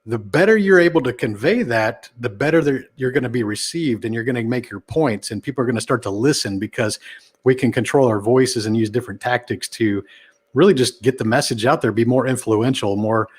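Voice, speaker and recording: Animated man telling stories expressively. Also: brisk, husky. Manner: animated, shifts pitch and volume for emphasis. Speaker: podcast guest, entrepreneur. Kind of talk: casual interview talk.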